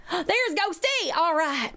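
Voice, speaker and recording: Brief: a woman doing a very high, bouncy, folksy Southern drawl on a live game stream. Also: lively intonation, slow, pushed and bright, heavily acted. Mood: playful. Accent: US Southern, put on. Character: cheery Southern-accented woman, the streamer's own persona.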